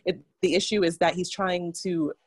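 In a husky, fairly low voice with fairly even intonation and a moderate pace, a woman shares a personal story as a guest in casual conversation. She chats freely, fills it with "like" and reenacts quoted exchanges with others.

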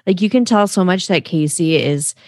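A woman's voice: on the low side, normal speed, a little mellow, no room sound, clean studio sound. A woman in her thirties co-hosting a book podcast, chatting casually and laughing often. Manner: chatty, laughs often, reads quotes aloud.

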